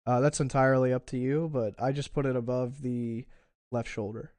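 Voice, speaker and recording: A man's voice: medium pitch, steady tone, normal speed, darkish tone, dry recording. A man streaming live market analysis, thinking aloud in a casual way with fillers and restarts, and a bout of hiccups. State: has the hiccups. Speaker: crypto trading streamer.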